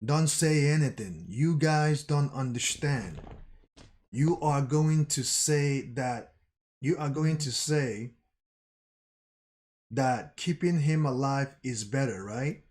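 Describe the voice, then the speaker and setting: A man voicing a blunt, stubborn young male soldier, reading his lines slowly and flatly. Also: mid-range voice, lightly acted. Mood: bitter.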